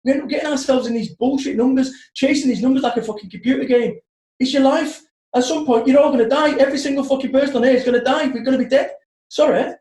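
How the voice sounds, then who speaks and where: A man's voice: extremely high pitch, fast, darkish tone, echoey room, low-quality recording. A man in his forties, a motivational speaker telling blunt, heavily profane stories in casual podcast chat. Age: 40s.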